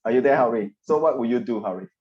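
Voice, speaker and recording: Animated man teaching history online. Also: medium pitch, fast, dull audio. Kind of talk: online class lecture.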